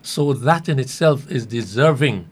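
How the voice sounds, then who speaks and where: A man's voice: mid-range voice, animated, unhurried, breathy edge. A man hosting an interview, asking earnest, leading questions. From Guyana. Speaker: radio host.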